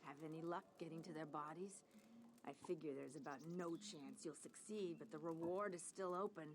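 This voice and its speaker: A woman's voice: sits low, moderate pace. An actress voicing a cold, ruthless woman in a video game, curt and contemptuous.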